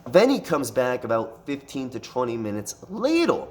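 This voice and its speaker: A man's voice: medium pitch, normal speed. A man recounts a fight in a loose storytime monologue. He swears in nearly every line and circles back on himself with restarts and fillers as he tells it. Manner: profane, animated retelling with frequent swearing.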